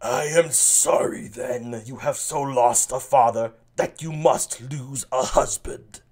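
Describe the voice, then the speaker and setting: A man voicing a dopey noble suitor in a put-on raspy voice. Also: mid-range voice, fairly even intonation, slow, a little mellow. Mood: cool.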